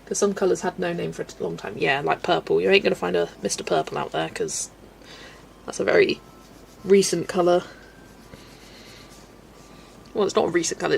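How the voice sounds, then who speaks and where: A woman's voice: lowish voice, vocal fry. A woman hosting a livestream, chatting casually with viewers and laughing often. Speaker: colouring livestream host. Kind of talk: casual chat reading live comments. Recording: faint background noise.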